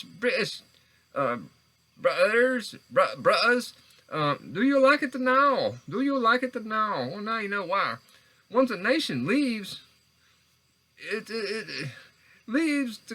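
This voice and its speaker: High, lively-voiced rambling man. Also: poor audio. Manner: meandering, stammering, frequent restarts and self-corrections. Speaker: vlogger. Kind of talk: rambling monologue. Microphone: handheld recorder.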